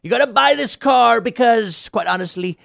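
A man's voice: very high-pitched, expressive, normal speed, creaky, a bit bright, no room sound, clean studio sound, pitched above the performer's own voice, full character voice. A man doing a smarmy, pushy car salesman. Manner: smarmy, overconfident, boastful.

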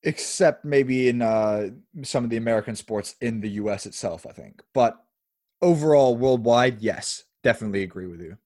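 A man's voice: medium pitch, normal speed, darkish tone, dry recording, clean studio sound. A man co-hosting a football podcast, chatting casually with frequent laughs and hedging asides. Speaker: podcast co-host.

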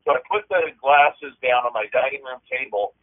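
A man's voice: mid-range voice, animated. This man speaks as a guest on a call-in show, his mid-range voice coming through a thin, tinny phone line. He tells a personal story earnestly, often stopping and restarting his sentences. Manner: earnest, halting, frequent restarts. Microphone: telephone.

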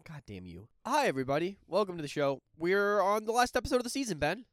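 A man's voice: sits high, big pitch swings, quick pace, no echo, studio quality. A man co-hosting a podcast in casual chat, joking and teasing his friend. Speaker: podcast co-host.

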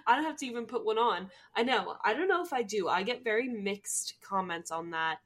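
A woman's voice: on the high side, expressive, normal speed, fairly bright tone. Chatty young woman from New Jersey. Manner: chatty, giggly, lots of "like" fillers. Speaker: podcast co-host. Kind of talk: casual chat.

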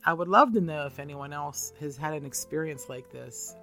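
A podcast host reading a listener's true spooky story aloud in a measured, earnest way. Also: medium pitch, pushed and bright, soft background music.

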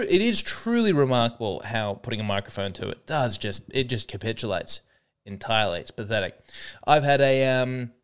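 A man's voice: mid-range voice, clean tone. A young Australian man hosting his own comedy podcast, talking in a sardonic, self-deprecating solo monologue full of mock-earnest irony.

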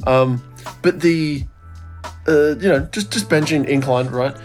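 A man's voice: on the high side, measured pace, faint music behind. A young man co-hosting a casual podcast, telling a story with lots of swearing and laughter. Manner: laughing storyteller, swears a lot, acts out gym yells. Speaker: podcast co-host. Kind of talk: casual chat.

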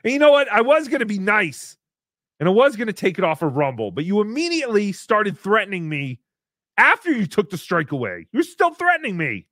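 A male livestream host with a fairly high, very lively voice, ranting and mocking in a casual tone, jumping from shouts to low mutters. His voice sounds close and dry, with no room behind it. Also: fairly quick, no room sound. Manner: mocking, animated, swings between shouting and muttering. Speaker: livestream host reading paid chat messages.

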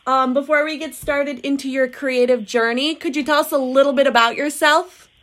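High-voiced giggly woman podcast co-host. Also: fairly even intonation, moderate pace, a bit bright. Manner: upbeat, giggly, leads the questions. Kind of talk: casual podcast chat.

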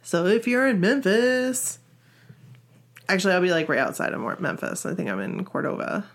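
A woman's voice: on the low side, huge pitch swings, moderate pace. A woman in her forties from Maine, with a Maine accent, chatting casually and upbeat as a podcast co-host. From Maine, USA. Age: 40s. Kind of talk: casual chat.

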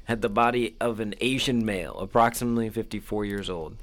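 Man co-host with a bright voice, offhand reading. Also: on the low side, fairly even intonation, brisk. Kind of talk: casual reading with banter.

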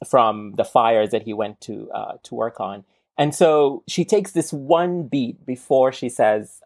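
A podcast co-host talking through a film scene in a thoughtful, measured way. The speaker takes time over each point and uses soft fillers like "sort of" and "um.". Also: medium pitch. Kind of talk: casual film discussion.

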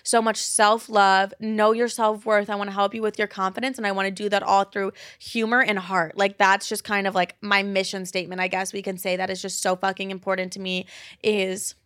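A woman's voice: mid-range voice, little pitch movement, a little fast, a bit bright, dry recording, studio quality. Chatty swearing young woman podcaster. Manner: candid, swears a lot, chatty filler "like". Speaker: podcast host. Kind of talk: casual solo podcast chat.

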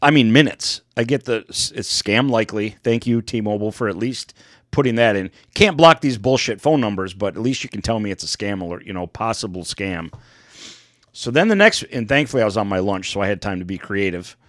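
A man's voice: lowish voice, expressive, fairly quick, a bit bright, no room sound, clean studio sound. A man from the United States co-hosting a podcast, telling stories in casual, profane, sarcastic chat. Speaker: podcast co-host.

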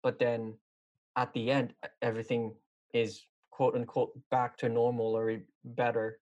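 A man's voice: mid-range voice, little pitch movement, moderate pace, darkish tone, muffled recording. A man talking casually about a TV series, rambling and hesitant, with many fillers and restarts. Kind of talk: casual chat.

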